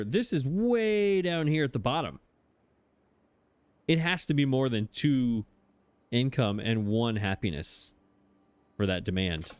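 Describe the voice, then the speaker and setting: Low-voiced man doing casual game commentary. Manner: thinking aloud, puzzled questioning; self-mocking, chatty. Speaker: let's play host.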